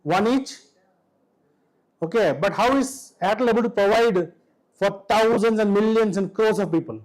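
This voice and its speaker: A male lecturer with an Indian English accent and a high-pitched voice teaches a college class. He keeps firing short questions at the room to check that the students follow. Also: a little mellow, rough recording. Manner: asks the class frequent quick questions.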